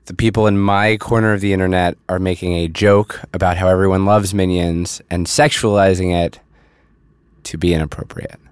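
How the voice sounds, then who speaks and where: A man's voice: deep voice, level tone, normal speed, clear, resonant tone, no room sound, studio quality. A man co-hosting a podcast, explaining something carefully, step by step, in casual chat. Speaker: podcast co-host.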